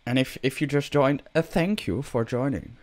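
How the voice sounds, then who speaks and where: A young man hosting a gaming video, talking casually through his gameplay and breaking into loud, excited outbursts. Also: mid-range voice, normal speed. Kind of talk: gameplay commentary. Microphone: desk microphone.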